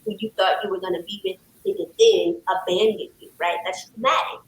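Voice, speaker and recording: A woman counselor, a guest on a talk show, telling her story in a lively, emphatic way and calling the host "girl". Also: mid-range voice, fairly quick, slight background noise. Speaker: licensed counselor, podcast guest. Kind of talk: casual conversational storytelling. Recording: roomy echo.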